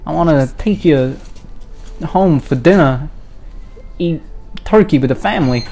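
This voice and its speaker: A man's voice: on the high side, animated, unhurried, mellow, slight background noise. A young Australian man giving crude, jokey commentary while playing a video game, with bursts of mock panic. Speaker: let's-play gamer. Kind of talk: joking gameplay commentary.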